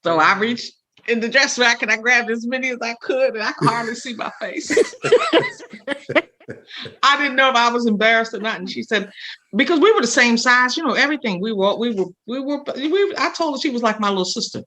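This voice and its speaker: Bright-voiced older woman telling stories. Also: a little high, fast. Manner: animated storyteller acting out quotes. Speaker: guest comedian. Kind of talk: emotional storytelling.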